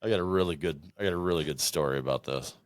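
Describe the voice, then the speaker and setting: A man with a very low, deep voice tells hunting stories in a loose, casual podcast chat. He swears freely and acts out quoted lines as he goes. The sound is dry and close to the mic. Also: racing, no room sound. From Iowa. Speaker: podcast guest, upland bird hunter.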